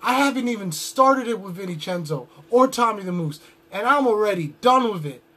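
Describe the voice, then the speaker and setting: Young adult male wrestler, high voice, brash trash-talking promo delivery. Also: expressive, normal speed, fairly bright tone. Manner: boastful, trash-talking swagger.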